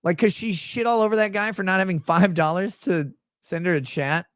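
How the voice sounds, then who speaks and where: A young man from Minnesota hosts a casual livestream, reading super chats while rambling and making crude jokes with lots of fillers. His voice is high-pitched and fairly quick with fairly even intonation, recorded dry with clean studio sound.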